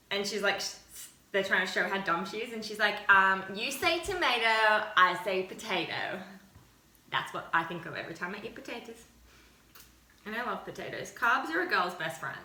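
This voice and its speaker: A young woman chatting casually as she cooks, talking to the camera in a chatty, self-mocking way with quick giggles. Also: mid-range voice, pushed and bright, reverberant, slight background noise, low-quality recording. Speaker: cooking vlogger. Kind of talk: casual cooking chat. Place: home kitchen.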